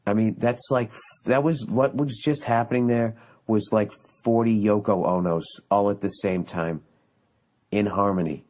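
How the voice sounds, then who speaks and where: Man, solo podcast host, profane, sarcastic, rambling rant, low-pitched. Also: steady tone, unhurried, darkish tone. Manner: profane, sarcastic ranting with mocking mimicry. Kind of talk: solo ranting monologue. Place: on vacation away from home.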